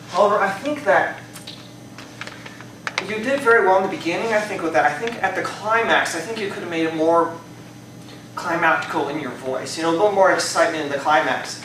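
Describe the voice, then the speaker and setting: Brief: male speech evaluator, slightly high voice, chatty and hedging, far-off mic with heavy room echo. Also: brisk, noisy background. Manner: conversational, hedges often with "I think" and "you know". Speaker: speech evaluator at a speaking club. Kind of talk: spoken speech evaluation to a live audience. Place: club meeting room. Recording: very echoey room from a distance.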